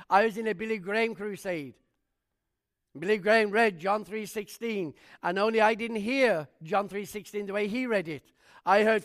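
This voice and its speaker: High-pitched guy preaching, fervent questions at the congregation, storytelling testimony. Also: normal speed. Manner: animated storytelling. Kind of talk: sermon with personal testimony.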